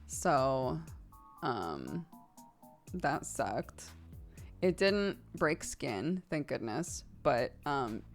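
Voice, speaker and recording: A woman streamer telling a story in casual chat, animated and full of acted-out quotes. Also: extremely low pitch, drawn-out words, pauses often, faint music behind.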